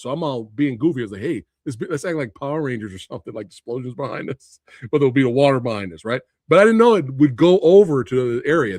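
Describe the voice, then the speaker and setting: A man hosting a casual livestream, reacting with laughter and loud exclamations, swearing freely. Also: on the high side, dry recording, clean studio sound. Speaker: movie review livestream host.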